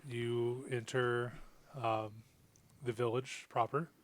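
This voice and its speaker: A man narrating a tabletop role-playing game as game master, halting with many ums and uhs. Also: mid-range voice, flat delivery.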